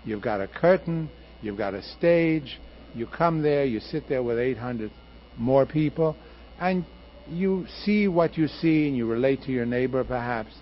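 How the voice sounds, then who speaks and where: A man's voice: medium pitch, animated, a little slow, hardly any pauses. An older man, a radio producer, telling stories emphatically in an interview. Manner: emphatic, passionate storyteller. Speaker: radio producer and director, guest. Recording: muffled archival radio interview with faint hiss.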